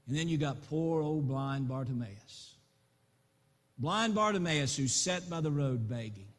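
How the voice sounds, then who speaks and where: A man preaching an impassioned sermon that swells into loud appeals. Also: fairly high pitch, animated, a little slow. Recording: long reverb in a large hall.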